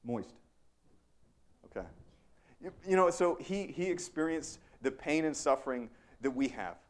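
A man's voice: fairly high pitch, expressive, normal speed. A young adult man preaching a conversational sermon as a pastor, self-deprecating, with frequent "right?" asides to the congregation.

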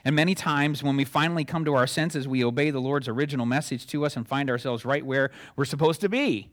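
A man's voice: mid-range voice, fast talker. A middle-aged male pastor giving a conversational sermon, acting out little dialogues and chuckling at his own asides.

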